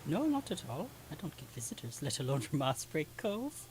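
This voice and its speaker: A woman's voice: low-pitched, very animated, moderate pace, a little mellow, slight background noise. A game master voicing a nervous, apologetic woman innkeeper who has an accent and stumbles over her words. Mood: welcoming. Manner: flustered, self-deprecating, stumbling over words. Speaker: tavern keeper.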